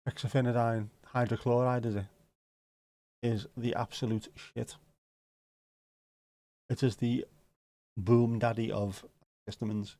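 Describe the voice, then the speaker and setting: A man with a Scouse accent chatting loosely on his livestream, drifting from one joke to the next and tossing in the odd swear word as he answers his viewers. His voice sits at an ordinary middle pitch. The sound is close and dry, with no room echo. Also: little pitch movement, a little slow, long pauses, dark tone. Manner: rambling and jokey, swears casually. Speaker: livestream host. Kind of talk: casual livestream chat, answering viewer comments.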